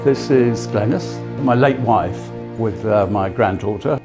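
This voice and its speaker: An older man giving a talk, telling personal stories in a halting way with frequent restarts. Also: fairly low pitch, over music.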